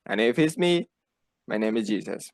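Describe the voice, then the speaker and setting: In a slow beginner class, a male teacher whose first language is Spanish says phrases again and again so students can repeat them. He speaks expressively at a moderate pace in a voice on the low side, with no room sound.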